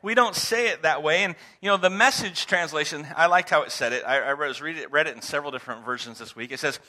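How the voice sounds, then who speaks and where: A man preaching a sermon to his congregation in a conversational, animated way, asking questions and repeating words for emphasis. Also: a little high, fast talker. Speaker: pastor. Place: church sanctuary.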